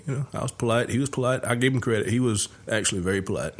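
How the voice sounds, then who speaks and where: Folksy man, lowish voice. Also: steady tone, very fast, hardly any pauses. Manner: folksy, rambling, with many fillers and chuckles. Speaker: podcast host. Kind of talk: casual storytelling chat.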